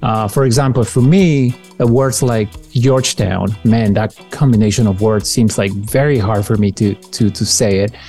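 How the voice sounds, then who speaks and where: A man, a native Spanish speaker with a slight Spanish accent, in casual podcast chat, thoughtful and halting with many restarts. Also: lowish voice, dark tone, faint music behind. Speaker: podcast co-host.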